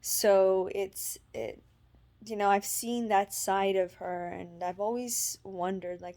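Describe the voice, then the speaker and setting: A young woman from Canada talking in a personal faith vlog, halting, with many fillers and restarts. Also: medium pitch, steady tone, mellow. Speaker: vlogger.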